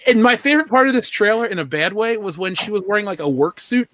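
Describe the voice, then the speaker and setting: A man with a fairly high, very animated voice chats on a podcast. He is sarcastic and mocking, and his pitch swoops around as he jokes. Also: fast, slight background noise. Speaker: podcast co-host. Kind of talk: casual podcast chat.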